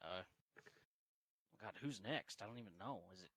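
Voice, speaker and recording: A man serves as game master for a tabletop game, laughing and swearing as he narrates. His voice is bright and forward, and the dry, close recording has almost no room sound. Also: lowish voice, expressive, moderate pace, no echo. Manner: casual, laughing, swears freely.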